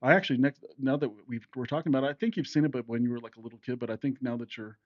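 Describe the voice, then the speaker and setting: A man's voice: medium pitch, steady tone, racing, no room sound, lo-fi sound. A man in his fifties co-hosting a casual podcast with his son, rambling through stories, laughing often and acting out quotes. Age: 50s. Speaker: podcast co-host, father. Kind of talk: casual chat.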